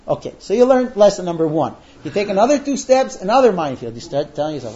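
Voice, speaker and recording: A man gives a lesson to young men in a high, mellow voice. He tells humorous anecdotes and often restarts his sentences. The recording is dull and lo-fi. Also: very animated, fast, hardly any pauses. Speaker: teacher.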